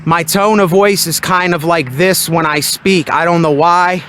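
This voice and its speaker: A man with a high-pitched voice delivers a loud, emphatic motivational monologue. He is outside at night near his building, speaking close into a handheld microphone. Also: steady tone, measured pace, a little hiss or hum. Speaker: vlogger.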